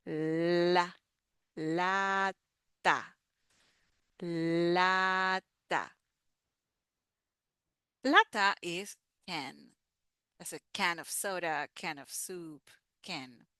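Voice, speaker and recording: A language teacher gives a slow pronunciation lesson, patiently repeating each sound and word several times so learners can follow along. Her voice is fairly low and sharp, slow-paced, in clean studio quality with no echo.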